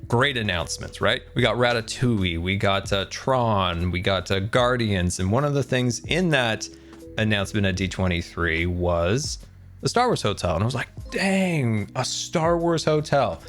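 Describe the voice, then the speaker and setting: Animated man streaming, lively voice. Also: on the low side, moderate pace, soft background music. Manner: animated, laughing, chatting with viewers. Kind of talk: casual live-stream chat.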